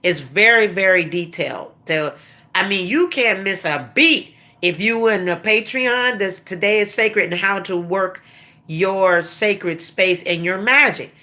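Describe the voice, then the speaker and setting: A woman's voice: medium pitch, a little slow, sharp tone. A woman, hosting a casual spiritual livestream from her phone, talking loosely and breaking off to speak to her family. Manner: chatty, breaks off to talk to family off camera. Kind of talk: casual live-stream talk.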